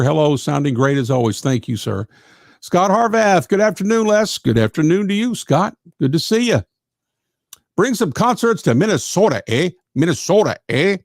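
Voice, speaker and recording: A man's voice: fairly high pitch, creaky, no room sound, studio quality. A man hosting a live gospel radio show, chatty and effusive as he reads listener comments and thanks them. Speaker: radio host.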